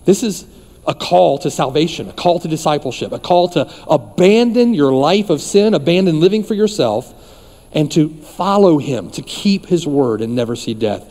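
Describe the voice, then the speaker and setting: A man's voice: on the high side, lively intonation, normal speed, dark tone, long reverb tail. A man preaching a sermon as pastor, emphatic and insistent, driving points home by repeating phrases. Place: church.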